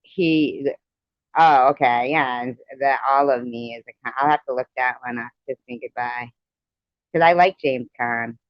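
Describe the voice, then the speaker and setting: A woman's voice: a bass voice, normal speed, no echo. Rambling woman on a dull lo-fi live stream. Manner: rambling, chatty movie reminiscing. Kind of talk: casual chat.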